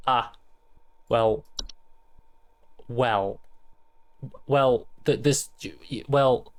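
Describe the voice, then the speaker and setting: A man streaming a game, swearing casually, reading aloud and thinking out loud. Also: medium pitch, takes it slowly, pauses often, slight background noise. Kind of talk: casual let's-play commentary. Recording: game music playing behind.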